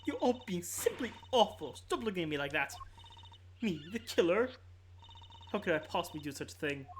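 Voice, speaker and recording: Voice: medium pitch, very animated, normal speed, a little hiss or hum, close to an everyday voice. A streamer putting on a syrupy, patronizing female warden. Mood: sugary, dismissive. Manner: sugary, patronizing, calls others darling and sweetie. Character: flirty, condescending female prison warden. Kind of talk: reading a video game's dialogue aloud on stream.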